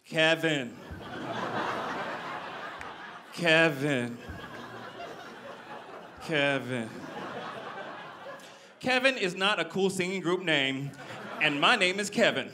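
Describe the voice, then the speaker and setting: A man doing a stand-up comedy set on a club stage, animated, swinging from loud punchlines to low asides. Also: normal speed, background noise.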